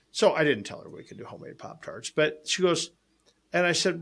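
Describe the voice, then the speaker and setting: A man with a gravelly, slightly rough voice at a middle pitch, chatting on a podcast. He tells stories with energy and voices each person in them as he goes. It feels relaxed and conversational. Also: brisk. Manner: animated storyteller, acts out both sides of conversations. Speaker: podcast host and restaurant owner. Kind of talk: casual storytelling chat.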